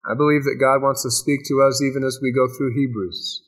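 Delivering a sermon in a steady, mid-pitched tone, a male pastor drives his points home emphatically. He stacks up repeated phrases and relies on dramatic pauses.

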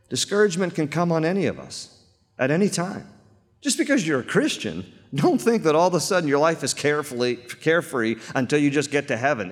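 A man, a pastor, preaching a sermon to a church congregation, emphatic and repeating phrases for weight. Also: fairly high pitch. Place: church sanctuary. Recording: long reverb of a church hall.

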